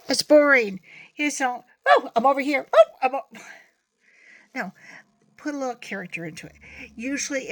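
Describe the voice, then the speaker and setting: A woman's voice: medium pitch, a bit bright. A woman giving a chatty, playful puppetry lesson, demonstrating with a puppet as she talks. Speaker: puppetry teacher. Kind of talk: video lesson.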